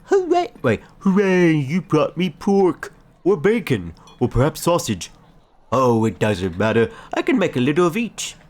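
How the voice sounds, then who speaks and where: A man voicing an excitable, hungry male village character from a fantasy game, reading his lines in a giddy, effusive way. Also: mid-range voice, brisk, pitched above the performer's own voice, close to an everyday voice. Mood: overjoyed.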